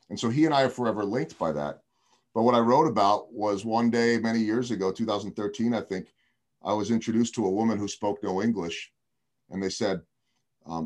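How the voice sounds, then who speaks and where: Deep-voiced man telling stories. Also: brisk. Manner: anecdotal, warm storytelling with fillers. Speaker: baseball broadcaster and author. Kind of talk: casual storytelling on a video call.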